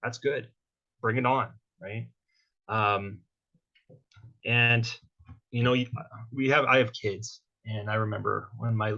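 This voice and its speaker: A man's voice: on the low side, vocal fry, sharp tone. A man giving a casual motivational talk as a workshop guest speaker, checking in with tag questions like "right?" and "okay?". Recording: dull lo-fi sound.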